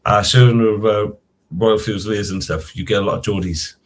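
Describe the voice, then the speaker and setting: Soft-spoken man, low voice. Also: steady tone, fairly quick, slight background noise. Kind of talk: casual chat.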